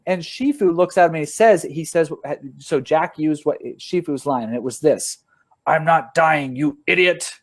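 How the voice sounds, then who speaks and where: A man talking as a guest on a podcast, telling family stories in easy, animated conversation. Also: fairly high pitch, normal speed, hardly any pauses. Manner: storytelling, animated when quoting his kids. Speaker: podcast guest, author and father. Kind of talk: casual conversation.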